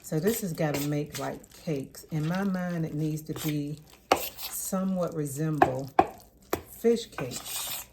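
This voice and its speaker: A woman, chatting casually as she cooks in her home kitchen and thinking out loud. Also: low-pitched, slow pace. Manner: chatty, thinks aloud, drops to a mutter while working. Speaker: home cook vlogger. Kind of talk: casual cooking vlog chat. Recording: noisy kitchen with clattering dishes. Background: clinking dishes and cutlery.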